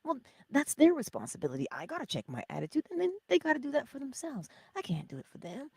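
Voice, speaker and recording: A middle-aged woman hosting a spiritual self-help livestream, talking casually and animatedly, jumping from loud exclamations to whispers. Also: high voice, wildly swooping pitch, quick pace, dry recording. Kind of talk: casual motivational talk.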